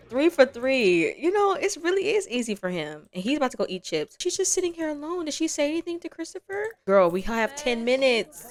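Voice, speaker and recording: A woman's voice: a little high, very animated. Playful, chatty young woman gamer. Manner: chatty, playful, quick to laugh. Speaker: gaming vlogger. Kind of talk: casual gameplay commentary.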